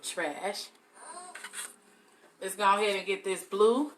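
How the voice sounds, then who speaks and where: A woman's voice: mid-range voice, slow pace, a little hiss or hum. A young adult woman leading a live soap-making tutorial, chatting casually and calling her viewers y'all.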